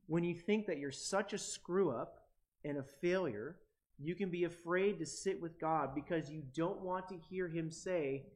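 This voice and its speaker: Reflective male preacher. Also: on the high side. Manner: reflective, with long dramatic pauses. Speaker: pastor. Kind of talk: sermon.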